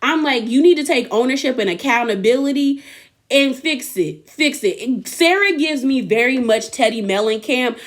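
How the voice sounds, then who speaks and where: A young woman recapping a reality show in casual chat, sassy and animated, acting out what people said. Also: sits high, normal speed. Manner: sassy, animated, acts out quotes.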